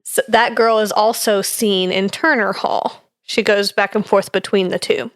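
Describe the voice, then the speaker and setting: A young woman co-hosting a casual podcast chat, working through her notes with fillers and easy laughter. Her voice sits at an ordinary middle pitch. The sound is close and dry, with no room around it. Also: fairly even intonation, unhurried, no echo. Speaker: podcast co-host presenting research.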